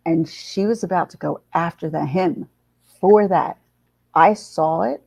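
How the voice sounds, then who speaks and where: Woman chatting on a livestream, gravelly and husky, blunt and sweary, kinda dull lo-fi sound. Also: on the low side, a little slow, dry recording. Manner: blunt, swears freely, animated retelling. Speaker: livestream host. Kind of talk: casual storytelling chat.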